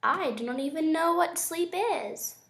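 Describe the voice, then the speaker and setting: Storybook sawhorse, male, touchy and scornful, very high squeaky growl. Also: lively intonation, a little slow, vocal fry, a bit bright, heavily acted. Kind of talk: audiobook character voice.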